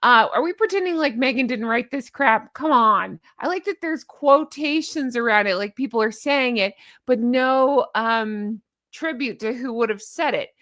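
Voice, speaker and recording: Woman host, sarcastic and exasperated commentary, a bit high-pitched, close and dry. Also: moderate pace, fairly bright tone, no room sound.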